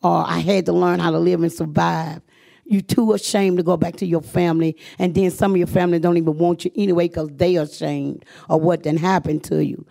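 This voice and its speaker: A woman's voice: on the low side, steady tone, brisk, vocal fry, mellow. A middle-aged woman, telling her own life story to a live audience in an earnest, emphatic way, repeating phrases for weight.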